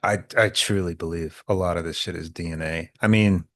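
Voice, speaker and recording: A man's voice: low-pitched, steady tone, brisk, fairly bright tone, no room sound, studio quality. A man co-hosting a podcast who works as a therapist, talking bluntly and profanely in casual chat.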